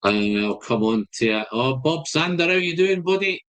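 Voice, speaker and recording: A Scottish man hosting a live stream with a voice pitched a little high. He talks in a chatty, friendly way and greets each viewer by name. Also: lively intonation, moderate pace, a bit bright. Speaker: whisky channel host.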